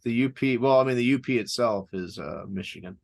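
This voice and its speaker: A young man from the Chicago area co-hosting a wrestling podcast, chatting casually with deadpan, rambling jokes. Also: medium pitch, brisk. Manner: joking, rambling, deadpan irony. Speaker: podcast co-host. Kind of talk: casual chat.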